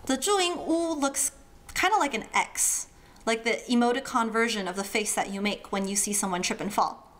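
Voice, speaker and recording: A woman's voice: fairly high pitch, moderate pace, a bit bright. A woman teaching language pronunciation in a playful way, acting out sounds with funny imitations. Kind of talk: friendly explainer lesson.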